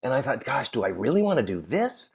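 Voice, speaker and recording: A man's voice: medium pitch, very animated, brisk, creaky, breathy edge. A middle-aged man, a podcast guest and actor, chatting casually and telling stories with frequent laughs, fillers and restarts. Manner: storytelling, laughs often, many fillers and restarts. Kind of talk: casual chat.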